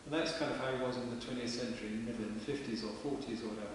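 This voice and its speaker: Preacher echoing in a church. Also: male voice, mid-range voice, steady tone, racing. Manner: conversational, plain-spoken preaching. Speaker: vicar. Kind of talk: sermon. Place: large stone parish church. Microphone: distant camera mic. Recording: echoey church from far off with hiss.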